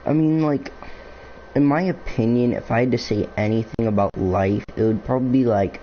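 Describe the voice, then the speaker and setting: A man's voice: mid-range voice, fairly even intonation, moderate pace. A young man, a YouTuber, rambling casually to the camera, full of fillers and musing asides. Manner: filler-heavy, meandering, musing. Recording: dull lo-fi mic with faint noise.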